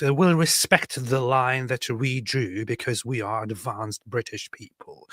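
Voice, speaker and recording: A man voicing a smug, pompous male British colonial official who talks slowly and condescendingly. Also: mid-range voice, fairly bright tone, no room sound, studio quality. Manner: slow, haughty, condescending.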